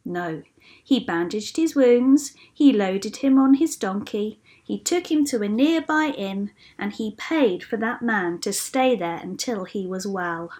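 Slow, expressive woman reading a story. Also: mid-range voice. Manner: clear, expressive read-aloud narration. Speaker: school teacher. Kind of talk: reading a Bible story aloud.

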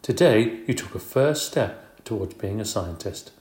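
A man's voice: lowish voice, expressive, unhurried, darkish tone, reverberant. A man reading the lines of an eager, encouraging young student teacher in a storybook.

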